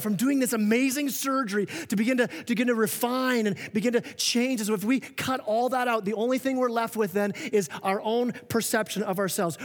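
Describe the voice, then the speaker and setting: A man preaching a sermon as pastor, earnest and animated, often restarting his sentences and acting out quoted remarks. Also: sits high. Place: church auditorium. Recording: long reverb of a church hall.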